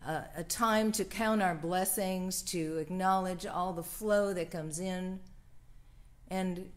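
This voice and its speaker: Slow, low-voiced prayerful woman minister. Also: fairly even intonation. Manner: slow, gentle, prayerful cadence. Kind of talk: church livestream offering and prayer.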